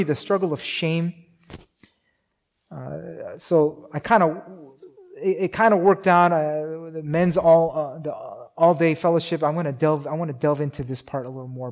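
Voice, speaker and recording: A man preaching a sermon in a conversational way, with many restarts and fillers. He gets louder for emphasis and drops soft and slow on key points. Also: fairly high pitch. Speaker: pastor.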